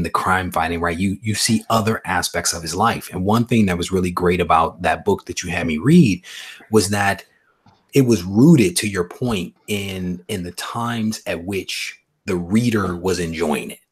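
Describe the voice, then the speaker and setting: A man hosting a casual comics chat on a video call, thinking out loud at length and checking in with rhetorical questions. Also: low voice, slightly rough. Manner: thoughtful, explains at length with rhetorical asides. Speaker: comics podcast host.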